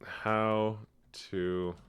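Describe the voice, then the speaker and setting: A man's voice: lowish voice, little pitch movement, very slow, a bit bright, clean tone. A man streaming live, chatting casually with his audience in a playful, teasing way full of mock outrage.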